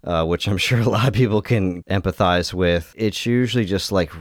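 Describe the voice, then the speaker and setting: A man co-hosting a casual chat, telling his story at length in a relaxed way. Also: deep voice, moderate pace, no room sound, studio quality.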